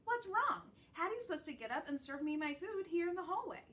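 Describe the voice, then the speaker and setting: A woman reading a storybook aloud, voicing an excitable young male pet dog who whimpers and pleads. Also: extremely high pitch, extremely slow, distant mic, pitched above the performer's own voice, exaggerated voice. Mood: whining.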